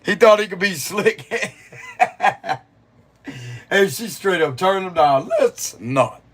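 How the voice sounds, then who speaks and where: A young man chats and rambles through a spiritual reading on a livestream, laughing often along the way. His voice sits somewhat high for a man, and his manner is loose and casual. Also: slow pace, fairly bright tone.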